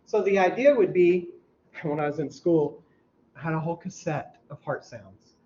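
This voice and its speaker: A man teaching a class, quizzing students and mimicking heart sounds out loud, heard in a dull, lo-fi classroom recording. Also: a little high, normal speed. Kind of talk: classroom lecture. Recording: dull lo-fi recording with faint hum.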